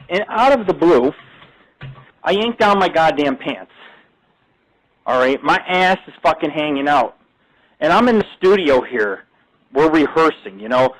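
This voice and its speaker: A man hosting an internet radio show, telling a crude, boastful story in loud, profane casual talk from a home studio. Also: fairly high pitch, poor audio.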